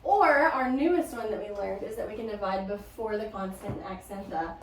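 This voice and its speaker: A woman's voice: medium pitch, fairly quick, a little hiss or hum. A woman teacher leading a phonics lesson, patient and prompting her student. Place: classroom. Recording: echoey room, from a distance.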